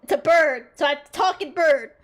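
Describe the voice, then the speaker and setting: A woman's voice: high-pitched, moderate pace, very noisy. A woman streamer chatting casually, chatty and self-mocking. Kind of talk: casual gaming stream chat.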